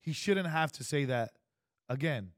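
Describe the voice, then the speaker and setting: A man in his twenties co-hosting a casual podcast chat, animated and profane, acting out quoted exchanges. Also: on the high side, unhurried, no echo, clean studio sound. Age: 20s. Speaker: podcast co-host.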